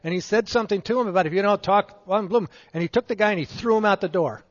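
An older man with a high, light voice tells stories with a laugh running through them. He speaks into a handheld mic in a meeting hall, and the sound is muffled, with a long reverb trailing behind him. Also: quick pace. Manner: chuckles through his stories, animated. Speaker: veteran and event emcee. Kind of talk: anecdotal storytelling to an audience. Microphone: handheld microphone.

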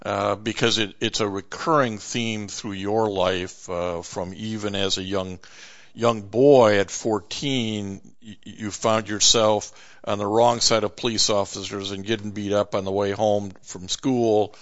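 Male interviewer, fairly low voice, halting questions, dull lo-fi sound. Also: steady tone, fairly bright tone. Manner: halting, with many fillers and restarts. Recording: dull lo-fi recording.

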